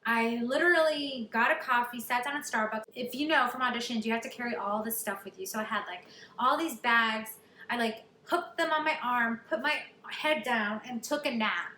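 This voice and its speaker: A young woman tells her own story in a chatty, animated vlog style. Her voice is bright and slightly high. The room is echoey, with a faint hiss behind her. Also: normal speed. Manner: chatty, animated, many likes. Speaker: vlogger. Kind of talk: storytelling to camera.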